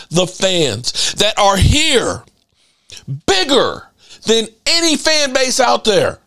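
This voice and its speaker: A man's voice: high-pitched, wildly swooping pitch, takes it slowly, pushed and bright. Heated, profane man ranting. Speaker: sports channel host. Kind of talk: ranting commentary.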